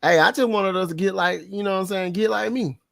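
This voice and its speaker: A man hosting a casual sports podcast, excitable and slangy, laughing often as he talks. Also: high voice, fairly quick, gravelly, no echo, clean studio sound. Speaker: podcast host.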